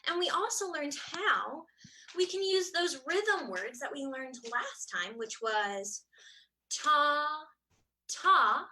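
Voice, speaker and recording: A woman's voice: sits high, lively intonation, slow, pushed and bright, slight background noise, rough recording. A young woman teaching a children's music lesson in a cheerful sing-song way, counting out rhythms and singing them for little ones to copy.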